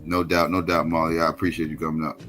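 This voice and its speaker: A man's voice: extremely low pitch, level tone, fast talker, fairly bright tone, faint music behind. A man hosting a late-night live stream, telling stories in casual profane talk and acting out quoted voices, sounding tired.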